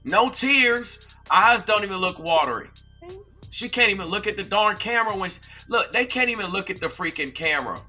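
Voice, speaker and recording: Man, live-stream host, piercingly bright voice, slightly high pitch, emphatic and preachy, repeats himself. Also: expressive, fairly quick, faint music behind. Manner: conversational, addresses viewers directly. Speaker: commentary channel host. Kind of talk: live-stream commentary reading chat.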